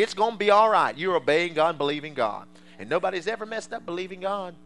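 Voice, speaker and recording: Fervent preacher guy, high bright voice, goes from hushed to shouting. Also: animated, fast, low-quality recording. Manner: fervent, swings from soft asides to loud shouting. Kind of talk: sermon.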